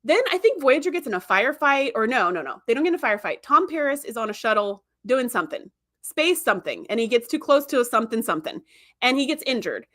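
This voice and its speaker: A woman's voice: a little high, sing-song, fast talker, fairly bright tone. A woman podcast host casually retelling a TV episode in a chatty, rambling way, full of "like" and "you know". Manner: chatty, filler-heavy storytelling with many "like"s.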